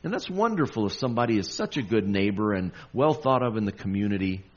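A man's voice: on the low side, expressive, quick pace. A man preaching a sermon, with emphatic rises on the verses he quotes. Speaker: pastor. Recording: dull lo-fi recording.

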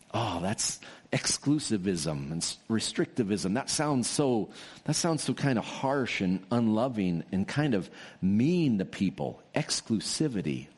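A male pastor preaching with a low-pitched voice that swoops up and down. He leans hard on key words, stretching them out for emphasis. His delivery is animated and insistent. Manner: emphatic preaching with sweeping pitch swings and drawn-out stresses. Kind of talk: sermon.

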